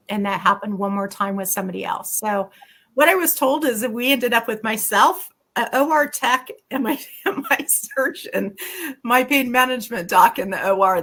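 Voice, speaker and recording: A middle-aged woman, a physician and former patient, candidly telling her own story as a guest in an interview. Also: medium pitch. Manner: candid, animated storytelling with quoted dialogue.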